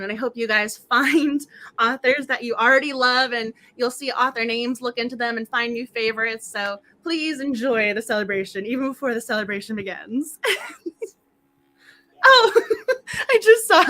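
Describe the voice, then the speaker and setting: A woman hosting a book club livestream in casual, effusive chat, her voice slightly hoarse. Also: a little high, lively intonation, normal speed, pushed and bright.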